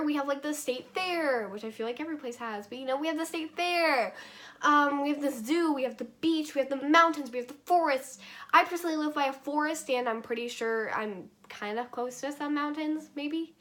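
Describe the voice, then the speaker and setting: A woman's voice: high voice, fairly bright tone. Chatty young woman vlogger, rambling. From North Carolina, USA. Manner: chatty, rambling, filler-heavy with frequent likes and okays. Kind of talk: casual vlog monologue.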